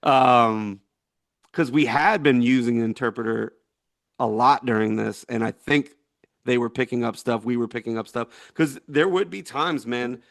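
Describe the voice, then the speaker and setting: A man's voice: medium pitch, normal speed, vocal fry, dry recording, studio quality. A man in his forties, a veteran being interviewed, telling a story in a rambling, laughing way with many fillers. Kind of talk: casual storytelling.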